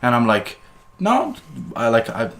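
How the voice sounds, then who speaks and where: A man co-hosting a casual podcast, telling a story in a fast, rambling way with restarts and indignant bursts. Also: medium pitch, animated, a bit bright. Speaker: podcast co-host.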